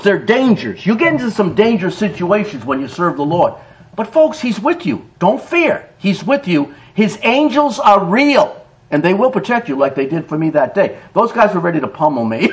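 A middle-aged man preaching a sermon in a church, animated, rising to shouts and breaking into laughter. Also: high-pitched, a little hiss or hum, poor audio.

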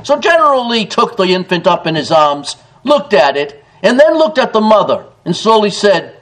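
Male pastor, sermon; emphatic, lively, higher-pitched delivery with big swings. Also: moderate pace, few pauses, rough recording. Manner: emphatic preaching, reads scripture aloud with rising emphasis; swings between loud declarations and low, quiet asides.

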